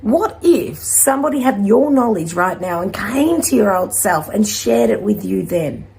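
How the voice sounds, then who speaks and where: A woman leads a spiritual card reading in a gentle, encouraging way. Her voice sits in the middle of the range and carries heavy vocal fry throughout. She drifts between thoughts in a loose, rambling flow. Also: mid-range voice, expressive, measured pace. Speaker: intuitive card reader.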